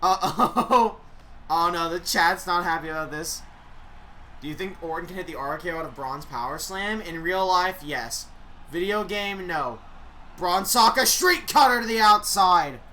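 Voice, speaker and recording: A woman giving excitable play-by-play commentary on a wrestling video game she is playing. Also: fairly low pitch, unhurried, slight background noise, low-quality recording. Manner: excitable, reacting aloud. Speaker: gaming YouTuber.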